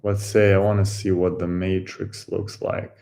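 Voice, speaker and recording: A man hosting a coding tutorial, thinking aloud while he works through a problem, halting and musing with many pauses and fillers. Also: sits low, flat delivery, creaky, mellow, a little hiss or hum.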